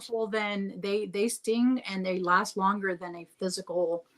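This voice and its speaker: A woman speaking as a guest on a casual podcast, with a voice of middling pitch. She talks freely, stumbling over her words and restarting sentences, with plenty of "like" along the way. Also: level tone, moderate pace, over a noisy crowd. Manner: chatty, stumbles and restarts, lots of "like". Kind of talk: casual chat.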